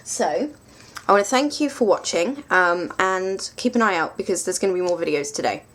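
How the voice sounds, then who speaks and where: A woman's voice: fairly low pitch, expressive, normal speed, a bit bright. A woman chatting casually through a tarot deck review, rambling and self-mocking with lots of ums.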